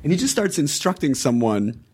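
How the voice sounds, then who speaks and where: A man's voice: fairly high pitch, a little fast, husky. A man who is a guest on a podcast, chatting casually and acting out the people in his anecdotes. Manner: animated storyteller, acts out quoted voices.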